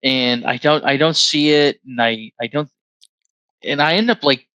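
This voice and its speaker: A man co-hosting a podcast in casual chat, laughing along and telling a halting story. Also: mid-range voice, bright, forceful tone, smooth, no room sound, highs cut off. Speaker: podcast co-host.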